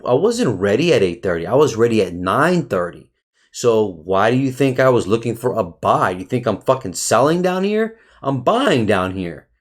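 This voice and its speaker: A man narrating a screen-share market review, casual and full of restarts, who turns into a profane, heated rant at his viewers. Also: mid-range voice. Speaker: trading educator.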